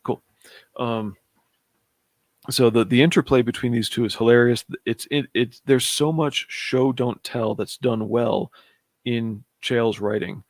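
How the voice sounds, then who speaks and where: A man's voice: mid-range voice, no room sound. A man casually reviewing a comic book on a stream, thinking aloud, humming to himself and chuckling often.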